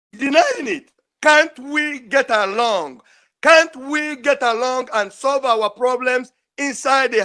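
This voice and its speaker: High-voiced older man, emotional. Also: bright, forceful tone. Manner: emotional, pleading, repetitive. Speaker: caller. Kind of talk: impassioned call-in speech.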